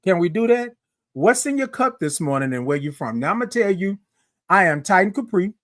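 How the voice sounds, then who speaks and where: A man hosting a live-streamed morning show, chatty and lively, calling out greetings to his viewers. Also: sits high, fairly quick, no room sound, studio quality. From Houston, Texas. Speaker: host.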